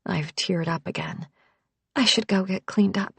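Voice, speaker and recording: A woman reads a first-person novel aloud in a measured, intimate voice. Her tone is slightly husky with a gravelly edge, recorded dry and close. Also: mid-range voice, steady tone, dry recording. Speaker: audiobook narrator. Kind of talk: first-person audiobook narration.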